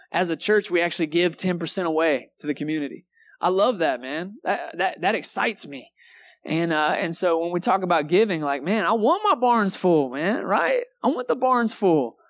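A pastor with a high voice preaches in a church sanctuary, keeping his sermon casual and conversational and sprinkling in "man" and "okay." There's no echo, though this live church recording carries loud guitar behind him, a soft guitar backing.

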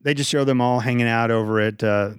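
A man's voice: mid-range voice, fairly even intonation, a little fast, clear, resonant tone, no echo, studio quality. Laid-back man teasing his co-host. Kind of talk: casual movie review chat.

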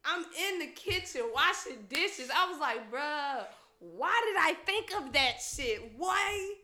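A high, bright woman's voice that swings widely as she tells a story, laughing and swearing freely and acting out what people said. The room gives her voice a noticeable echo. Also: animated, slow. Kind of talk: casual chat.

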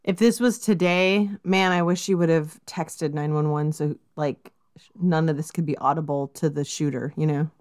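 A woman with a fairly low voice, recorded close and dry, co-hosts a casual true-crime podcast. She talks bluntly and with some exasperation, and fills her speech with like and you know. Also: fairly even intonation, normal speed, darkish tone, no echo. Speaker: podcast co-host.

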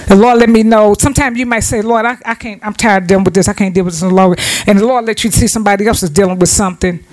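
A woman's voice: medium pitch, fairly even intonation, rapid-fire, darkish tone, poor audio. A woman preacher delivering a sermon in informal vernacular speech, with frequent restarts and repeated calls of "Amen" to the congregation.

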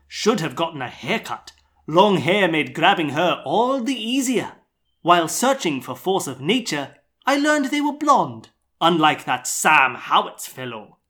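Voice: medium pitch, a bit bright, pitched above the performer's own voice. A tabletop player reading out a smug, scheming supervillain's journal in a put-on Australian accent. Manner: smug, theatrical, relishing.

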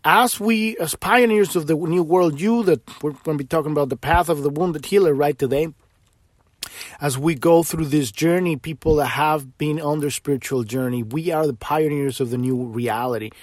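A man with a somewhat high voice delivers a casual podcast monologue. He rambles with fervor, stumbling over restarts and swearing when he gets heated. The sound is dry, with no room echo. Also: moderate pace. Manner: rambling and impassioned, with frequent restarts; swears freely when worked up. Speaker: podcast host.

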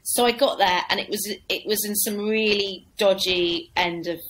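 In a casual interview, a woman comedian guest tells an anecdote at normal speed, her voice mid-range and the recording rough. She's a lively storyteller who acts out the voices of the people she describes.

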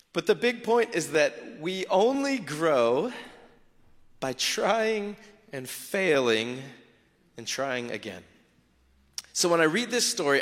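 Male pastor, conversational sermon, animated, long hall reverb. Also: a little high. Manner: conversational, animated preaching with acted asides.

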